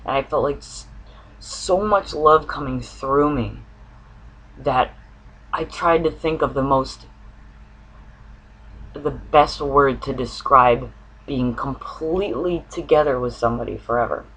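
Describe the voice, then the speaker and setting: A man's voice: medium pitch, a little slow, long pauses, sharp tone, breathy edge, rough recording. Earnest man recounting a dream. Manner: earnest, searching for words, many restarts. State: occasional cough. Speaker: spiritual vlogger. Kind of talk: personal dream account.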